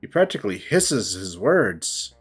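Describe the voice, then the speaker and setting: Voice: low voice, very animated, measured pace, husky, soft background music. A narrator giving a dramatic first-person reading of a visual novel.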